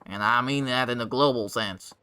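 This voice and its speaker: A man voicing an excitable man on the run who keeps calling his listener boy, in a raised, pleading voice. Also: mid-range voice, normal speed, slight background noise, natural voice. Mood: eager. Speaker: game character voiced by a player.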